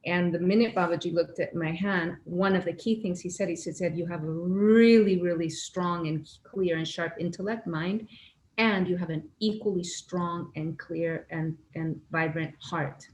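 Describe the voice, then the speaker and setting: A woman's voice: on the low side, normal speed, a little hiss or hum. Earnest woman telling a story, echoey room. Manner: earnest, animated retelling with quoted inner voices. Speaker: satsang guest telling a personal story. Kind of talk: reflective personal storytelling. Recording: echoey room with faint ambience.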